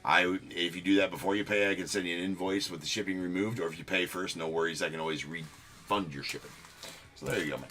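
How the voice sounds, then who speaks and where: A young man talks quickly over slight background noise while hosting a live card break stream. He chats loosely with viewers, pokes fun at himself, and swears now and then, his pitch jumping up whenever he gets excited.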